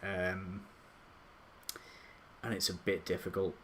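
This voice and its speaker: A man's voice: low-pitched, little pitch movement, slow, bright, forceful tone. A man live streaming late at night from his home computer, rambling and self-deprecating, with lots of hesitant restarts. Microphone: desktop USB microphone.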